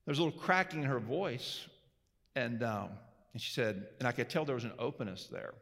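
A male Baptist pastor delivers a sermon in a church, his voice ringing with a long hall reverb. He swings from loud, lifted proclamations down to hushed, intimate storytelling, at an average pitch for a man. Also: animated, a little fast, vocal fry.

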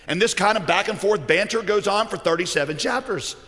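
A man's voice: high-pitched, lively intonation, fairly quick, few pauses, pushed and bright, long reverb tail. A man preaching a sermon, telling stories and slipping in jokes. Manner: storytelling, joking.

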